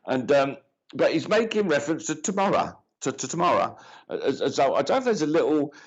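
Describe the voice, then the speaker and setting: A man's voice: on the high side, very animated, fairly quick, breathy edge, dull audio. A man giving a live mediumship reading, chatty and cheeky, with many restarts and asides.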